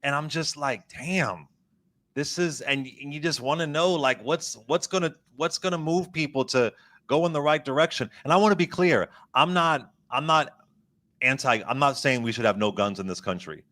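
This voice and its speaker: Guest-hosting a political commentary show, a man speaks with impassioned emphasis and repeats words to stress them. His voice is slightly high and fairly bright, at a normal speed.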